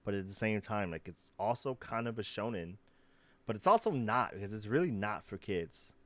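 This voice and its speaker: A young man, co-hosting a casual podcast chat and rambling through animated retellings. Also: fairly low pitch, moderate pace, no room sound. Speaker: podcast co-host.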